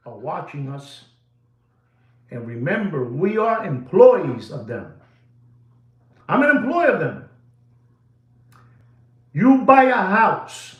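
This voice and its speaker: A man hosts a live watch-sale stream in a high, lively voice that swoops up and down. He rambles and hammers his points by repeating phrases again and again. The sound is roomy, with a clear echo. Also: slow pace, long pauses, dull audio. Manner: emphatic, repeats phrases over and over.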